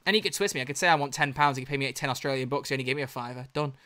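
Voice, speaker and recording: Bright-voiced streamer, swearing freely. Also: medium pitch, rapid-fire. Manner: excitable, swears freely, bursts into loud laughter. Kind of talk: live-stream commentary.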